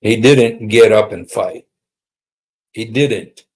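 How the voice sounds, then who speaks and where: A man's voice: lowish voice, takes it slowly, darkish tone. A man hosting a casual livestream, talking in a sarcastic, mocking way and repeating himself for emphasis. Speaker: livestream host.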